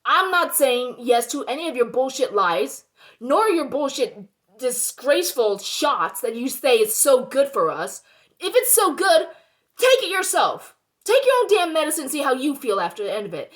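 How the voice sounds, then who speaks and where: High-voiced young woman ranting heatedly. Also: a bit bright. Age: young adult. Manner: heated and indignant, swearing, repeating herself; rhetorical questions to the audience. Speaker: vlogger. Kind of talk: ranting monologue to viewers.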